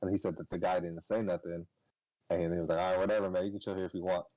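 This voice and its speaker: Man, casual podcast storyteller, low mellow voice, dry close sound, swears and laughs. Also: quick pace, no room sound, low-quality recording. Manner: animated, swearing, laughs, voice jumps high when excited. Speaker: podcast co-host.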